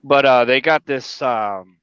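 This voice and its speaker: A man's voice: medium pitch, slow, fairly bright tone, clean tone, no room sound, muffled recording. A man chatting casually and enthusiastically, laughing and exclaiming as he talks. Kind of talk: casual chat.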